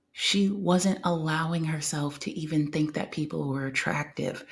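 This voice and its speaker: Give me a woman host speaking in a casual, emphatic motivational monologue. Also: on the low side. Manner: emphatic, repeats phrases for effect. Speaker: podcast host.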